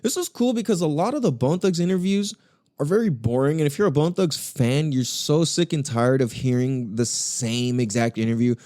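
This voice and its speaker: A man's voice: on the high side, moderate pace, a little mellow, dry recording, clean studio sound. A young man hosting a podcast, telling music stories in a loose, profane, enthusiastic way with lots of slang and laughter. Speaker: podcast host. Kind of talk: casual solo podcast talk.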